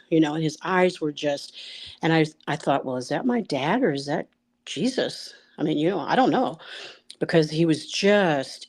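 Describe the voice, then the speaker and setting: A middle-aged woman telling a personal story out loud, rambling and halting, with many fillers and restarts. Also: low-pitched.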